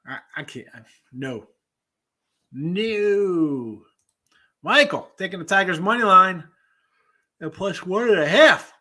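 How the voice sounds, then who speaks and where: A man hosting a sports betting show reads viewer comments in a casual livestream, hopping loosely between topics. He has a high voice with lively intonation and a sharp tone, taking things slowly with long pauses.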